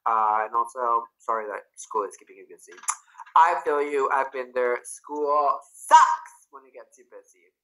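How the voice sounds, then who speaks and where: A young man from Canada chats on his livestream and reads out viewers' comments. His voice is bright and forceful, and his pitch swings all over. He sounds bubbly and effusive. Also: rough recording. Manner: bubbly and effusive, bursts into squeals. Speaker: livestream host. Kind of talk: casual livestream chat, reading comments aloud.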